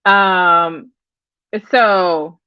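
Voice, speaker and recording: A woman's voice: fairly low pitch, drawn-out words, clean tone, dry recording, lo-fi sound. A woman hosting a casual livestream, chatting with viewers, greeting them by name and often repeating her phrases. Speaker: livestream host.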